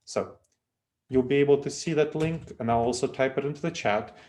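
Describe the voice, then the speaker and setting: A man in his thirties from Moldova, with a Moldovan accent, giving an online presentation in a lively, self-deprecating lecturing way with frequent restarts. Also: mid-range voice, fairly quick. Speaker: webinar presenter. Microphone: video call.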